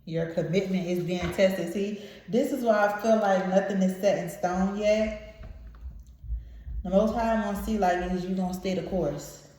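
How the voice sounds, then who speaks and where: A woman's voice: mid-range voice, steady tone, measured pace, dark tone, slight background noise. A woman giving a channeled tarot reading to her viewers, emphatic and preachy, swearing casually. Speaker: tarot reader. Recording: very echoey room.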